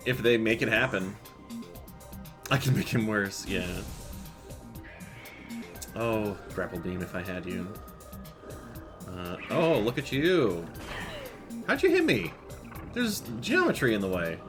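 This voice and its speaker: A man's voice: mid-range voice, lively intonation, unhurried, long pauses. A man streaming a game, chatting casually, reading chat aloud and muttering to himself. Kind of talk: casual gameplay commentary. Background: game music.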